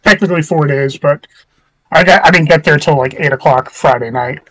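A man's voice: on the high side, a little fast, fairly bright tone, no room sound, low-quality recording. A man co-hosting a casual podcast, telling rambling stories and laughing often, recorded close to the mic in a small room. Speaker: podcast co-host. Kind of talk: casual chat.

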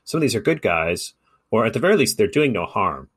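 A man's voice: lowish voice, big pitch swings, a little fast, slightly rough, dry recording. A middle-aged man co-hosting a gardening podcast, telling casual stories and often repeating words as he talks. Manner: storytelling, self-interrupting, repeats words. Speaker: podcast co-host. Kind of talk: casual chat.

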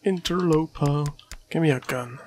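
A man joking his way through casual gameplay commentary, with loud outbursts and rambling asides. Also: on the high side, moderate pace, background noise.

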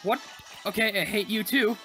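A gaming YouTuber giving casual let's-play commentary, talking to themself and the viewers with quick, frustrated outbursts. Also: medium pitch, bright, forceful tone, soft background music. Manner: chatty, talks to self while playing, quick frustrated exclamations.

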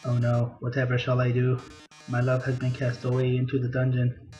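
A man's voice: mid-range voice, monotone, moderate pace, mellow, muffled recording, natural voice. Brief: young man doing a theatrical robot diva, mock-tragic and over the top, game music under it. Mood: melodramatic. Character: melodramatic diva-like robot opera star, male.

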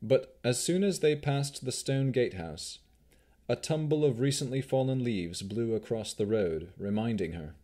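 A man giving scripted audiobook narration with expressive, unhurried storytelling. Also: mid-range voice.

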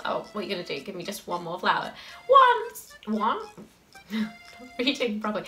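A woman's voice: fairly high pitch, big pitch swings, moderate pace, bright, forceful tone, faint music behind, rough recording. A woman chatting casually through a gameplay video, reading game text aloud and laughing often.

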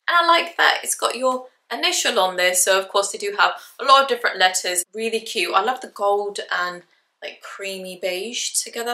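In a casual haul video, a young woman from England talks cheerfully to camera, her pitch leaping each time she says a price. Her mid-pitched voice is pushed and bright, recorded in an echoey room with slight background noise.

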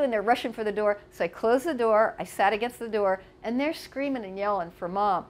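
A woman's voice: mid-range voice, moderate pace. A woman casually reminiscing about her past while showing photos, chatty with many asides. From United States. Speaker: storyteller.

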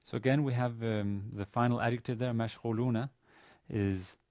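A man giving a university grammar lecture, pausing often with fillers and restarting his sentences. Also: mid-range voice, steady tone, darkish tone, no room sound. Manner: hesitant, many fillers and restarts. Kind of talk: classroom lecture. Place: university classroom.

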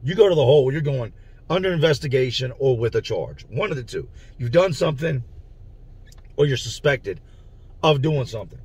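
Husky man telling a prison story. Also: mid-range voice, animated, normal speed, a little mellow, dull audio. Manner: slangy and conversational, explains terms as he goes. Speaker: storyteller recounting prison life. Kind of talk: casual storytelling.

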